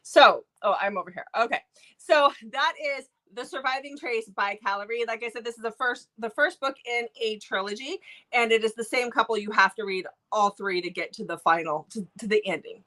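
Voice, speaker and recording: On a book review channel she co-hosts, a woman with a fairly high voice talks a little fast and casually. Retelling a story, she gushes, interrupts herself, and restarts often in animated fashion.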